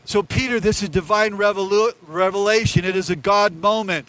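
A man's voice: sits high, moderate pace, a bit bright, poor audio. A male pastor preaching a sermon in an earnest, conversational way, talking straight to his congregation.

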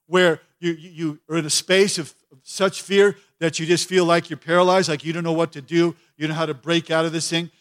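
High-voiced pastor preaching with fervor. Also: male voice, a little fast. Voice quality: repeats and restarts words when emphatic. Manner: expressive preaching, voicing pleading prayers to God. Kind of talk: sermon.

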